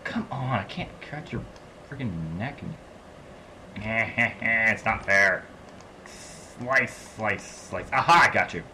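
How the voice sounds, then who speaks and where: A man from the American South giving excitable let's-play commentary, swinging between low mumbles and loud laughing outbursts. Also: slow pace, slight background noise. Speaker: gaming channel host.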